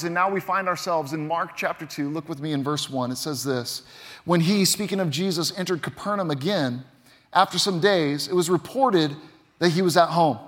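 A pastor preaches a sermon, reading scripture and pressing his points with rising emphasis. His voice sits high for a man. The sound carries the long reverb of a church hall. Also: fairly bright tone. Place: church sanctuary.

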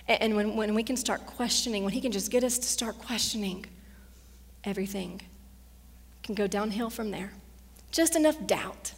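A woman delivering a sermon as a preacher, emphatic, moving between loud declarations and soft whispered lines in a large room. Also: medium pitch, moderate pace. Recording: long hall reverb.

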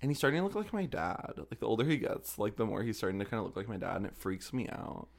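A man's voice: lowish voice, big pitch swings, fast, gravelly. A young man co-hosting a podcast in casual chat, rambling and hesitant with lots of filler words. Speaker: podcast co-host.

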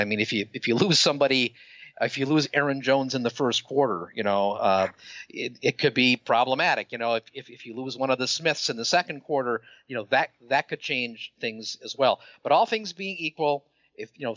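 A man co-hosting a casual sports podcast, thinking out loud and often repeating his words as he weighs his picks. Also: mid-range voice, no room sound, dull audio. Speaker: podcast co-host.

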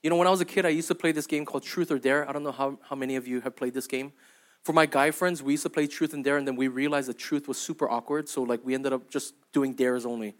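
A man's voice: mid-range voice, fairly even intonation, quick pace. A young adult man preaching a sermon as pastor, in a conversational, storytelling way that keeps checking in with "right?" and "okay?". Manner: acts out quoted voices in anecdotes.

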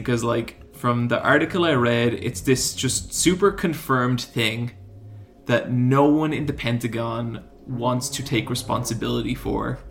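Guy chatting on a podcast, gravelly voice, gets excited telling stories, some faint room noise. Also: mid-range voice. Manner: loose, excitable storytelling with casual swearing. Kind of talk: casual chat.

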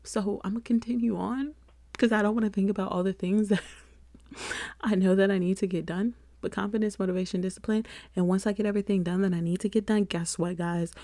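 A woman's voice: medium pitch, fairly even intonation, a little fast, mellow, no echo. Chatty rambling young woman podcaster. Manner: rambling, chatty, laughs often, self-deprecating. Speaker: podcast host. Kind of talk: casual solo podcast chat.

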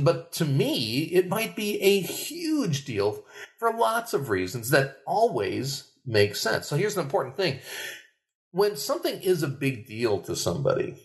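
A middle-aged man, a marriage and family therapist, talking on a podcast in a conversational way and acting out quoted phrases. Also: mid-range voice. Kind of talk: podcast talk.

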